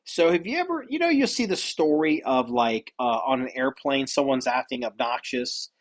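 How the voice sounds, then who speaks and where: A man's voice: medium pitch, expressive, normal speed. A man hosting a podcast, telling stories in loose, rambling casual chat with some swearing. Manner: rambling, profane storytelling. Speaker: podcast host.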